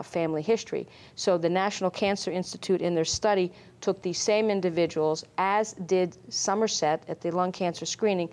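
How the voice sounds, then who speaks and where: A middle-aged woman, a lung doctor, explaining screening in an interview, measured and full of fillers. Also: on the low side, a little mellow. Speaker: pulmonologist guest. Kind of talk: medical interview.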